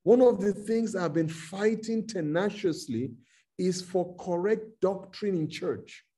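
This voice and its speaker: A man with a Nigerian accent preaching a sermon, slow and emphatic, with dramatic retellings. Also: sits high, warm tone.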